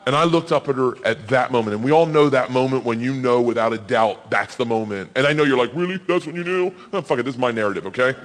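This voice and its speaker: A man in his forties doing stand-up storytelling, loud and animated, yelling the quoted lines. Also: mid-range voice, fast talker, few pauses, in a large hall. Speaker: stand-up comedian. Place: comedy stage.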